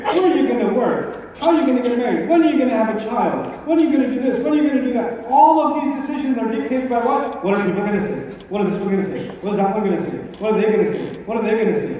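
In a large event hall, a man delivers a live religious talk, an Islamic speaker whose very high, mellow voice moves fast with lively intonation. He speaks emphatically to the audience with rhetorical questions and repetition, captured on a distant mic in a dull, echoey recording from afar with slight background noise.

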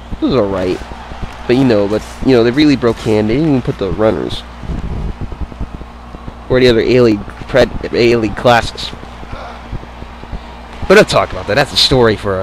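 A man giving casual play-by-play commentary on a wrestling video game match, excitable and swearing, drifting into rambling asides. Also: medium pitch, a little hiss or hum, low-quality recording.

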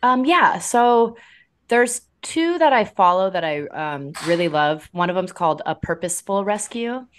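A woman's voice: medium pitch, expressive, measured pace, a little hiss or hum. A young woman, a drummer, chatting casually as a podcast guest, with frequent laughs and restarts. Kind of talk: casual interview chat.

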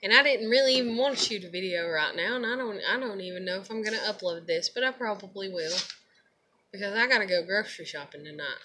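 A woman's voice: medium pitch, fast, pushed and bright. A tired young woman, venting to camera in a rambling, profane way and laughing often. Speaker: vlogger.

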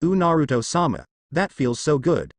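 A man's voice: on the high side, very animated, moderate pace, no echo. A man voicing a submissive female cat spirit who pleads and squeals, read in a fanfic audio story. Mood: pleading. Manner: pleading and breathless.

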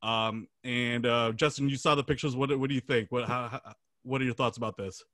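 Chatty, rambling podcast host. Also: male voice, mid-range voice, steady tone, brisk, a bit bright, no room sound, clean studio sound. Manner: chatty and rambling, laughs easily. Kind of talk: casual chat.

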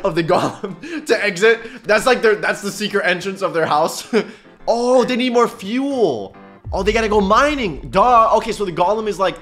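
Male reaction YouTuber: excitable, slang-heavy, animated delivery in a slightly high register. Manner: excitable, slangy, laughs often. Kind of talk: casual reaction commentary.

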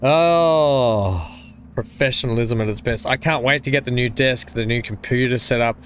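A man's voice: medium pitch, steady tone, fairly quick, a bit bright, slight background noise. Chatty man streaming a game. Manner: chatty, self-deprecating, talks to chat by name. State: coughing, something in throat. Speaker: gaming streamer. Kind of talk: casual live-stream chat.

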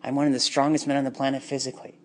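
A man's voice: medium pitch, flat delivery, racing, darkish tone. Bitter, intense man in a monologue. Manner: bitter, intense, emotionally charged. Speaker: speaker recounting his own life. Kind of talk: unscripted personal monologue.

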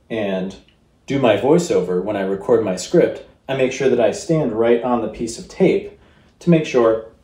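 A man teaching how to record a voice, explaining calmly in a closet set up as a recording booth and speaking into a studio microphone. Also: medium pitch, roomy sound. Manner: calm, explanatory, demonstrating as he goes. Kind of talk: instructional tutorial.

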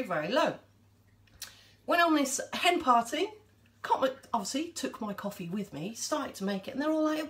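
Woman, casual live-stream chat, lively swooping voice, fairly high. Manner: chatty, animated, addresses viewers directly.

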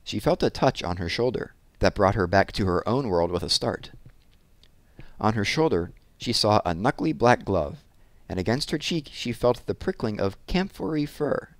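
Low, expressive male storyteller. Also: no echo. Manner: measured, expressive. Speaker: audiobook narrator. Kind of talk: scripted storybook narration.

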